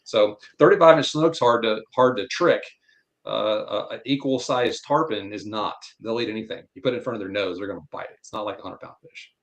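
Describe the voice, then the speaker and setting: Man from florida, low voice, blunt and opinionated, lively storyteller, casual podcast guest. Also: fairly quick. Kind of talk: casual fishing chat.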